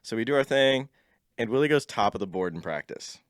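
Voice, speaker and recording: A man's voice: mid-range voice, expressive, brisk, clear, resonant tone, no room sound, clean studio sound. A man, a podcast guest, telling stories in a laid-back casual way, laughing often and filling with "like". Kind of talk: casual storytelling chat.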